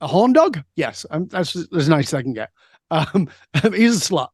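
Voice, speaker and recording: High-voiced man telling a lively story. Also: moderate pace, slightly rough, dry recording, clean studio sound. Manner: lively storyteller who asks himself questions and answers them. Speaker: interview guest. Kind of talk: storytelling in a conversational interview.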